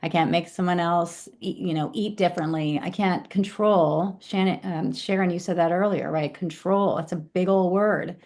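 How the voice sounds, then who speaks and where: This woman leads a spiritual class conversation in a fairly low voice. She talks reflectively and keeps checking in with her listeners as she goes. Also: fairly even intonation, moderate pace, hardly any pauses, a little mellow. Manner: reflective, often asks "right?". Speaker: class leader.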